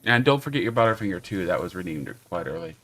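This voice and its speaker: A man co-hosting a game livestream in a relaxed, joking way. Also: low voice, quick pace. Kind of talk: casual livestream chat.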